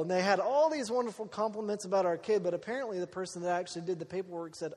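A man telling a personal story in a sermon, acting out the people he quotes in an animated way. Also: sits high, racing, hardly any pauses. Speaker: preacher. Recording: long hall reverb.

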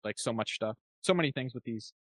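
A man co-hosting a podcast in casual comedic chat, animated and jokey, breaking into quick voices. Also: medium pitch, dry recording. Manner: fast, animated, jokey, does quick impressions. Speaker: podcast co-host.

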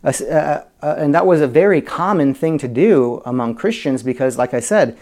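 A man teaching a Bible study in a conversational way, full of rhetorical questions and swinging between loud emphasis and quiet asides. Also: fairly high pitch, moderate pace. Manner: frequent fillers and restarts, chuckles.

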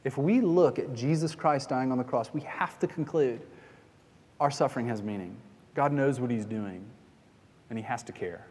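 A man's voice: medium pitch, moderate pace, darkish tone, in a large hall. A man preaching a sermon in a conversational way, now and then acting out scenes as he retells them. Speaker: pastor.

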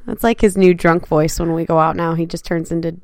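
A woman's voice: lowish voice, steady tone, brisk, no echo, studio quality. Blunt, teasing woman co-hosting a podcast. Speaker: podcast co-host. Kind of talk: casual podcast chat.

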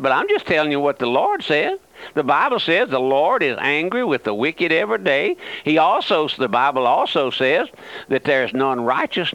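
A man's voice: fairly high pitch, a bit bright, no room sound, muffled recording. An older man preaching a fervent radio sermon, repeating phrases and calling himself by a nickname.

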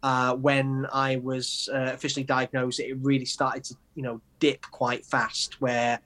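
A man in his forties with an English accent, a poet answering interview questions in a halting, earnest way with many restarts. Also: medium pitch, monotone, a bit bright. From England. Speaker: guest, poet. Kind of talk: conversational interview.

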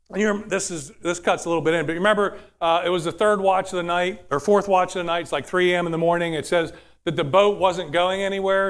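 A man's voice: high voice, clean tone. A man preaching a sermon in a conversational way, often asking the audience questions.

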